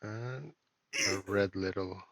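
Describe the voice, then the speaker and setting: A man, an indie game developer and a father, talks through his game in a casual devlog, halting and full of fillers and restarts. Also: low voice, a bit bright, slight background noise. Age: adult, a parent. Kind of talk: casual screen-recorded devlog.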